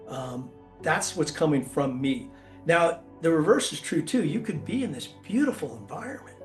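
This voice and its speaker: A man giving a motivational talk, earnest and loose, with many ums and restarts. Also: fairly high pitch. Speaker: keynote speaker.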